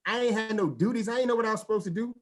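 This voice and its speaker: A man performing a stand-up comedy set at a virtual show, telling stories with lively mimicked voices and casual vernacular speech. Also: high voice, racing. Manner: animated storytelling with mimicked voices.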